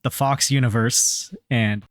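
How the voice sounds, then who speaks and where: A man co-hosting a casual movie podcast, relaxed and loose, adding trivia and casual swearing. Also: mid-range voice, takes it slowly, no room sound. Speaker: podcast co-host. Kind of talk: casual movie review chat.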